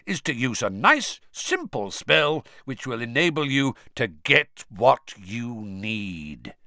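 A man reading an audiobook, voicing a gruff, suspicious, grizzled older male wizard with a growl. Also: mid-range voice, big pitch swings, slow, bright, forceful tone, no room sound, clean studio sound, full character voice.

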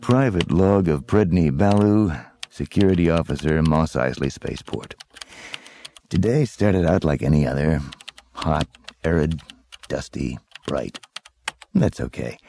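A man voicing a weary spaceport security officer reading a spoken log entry in a deadpan way. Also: rumbling low, measured pace, gravelly, slight background noise, heavily acted.

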